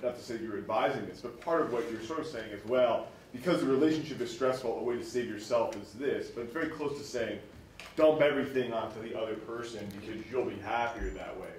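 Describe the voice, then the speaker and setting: A man's voice: medium pitch, brisk, darkish tone. Hesitant man questioning from the audience. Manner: hesitant, hedging with many fillers. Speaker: audience member asking a question. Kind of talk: seminar Q&A question. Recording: roomy, distant audience mic with faint noise.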